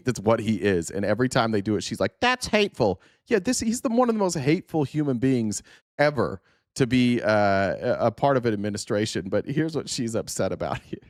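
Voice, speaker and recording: A man's voice: lowish voice, big pitch swings, fairly quick, a little mellow, dry recording, studio quality. An American man hosting a political commentary livestream, ranting in an angry, profane and mocking way.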